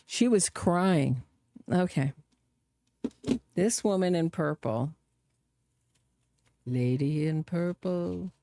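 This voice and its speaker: A sarcastic woman hosting a true crime stream, talking with open scorn. Her voice is gravelly and dark, and she sits close to the mic in a dry, dead room. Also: fairly low pitch, extremely slow, pauses often, no echo. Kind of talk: live reaction commentary.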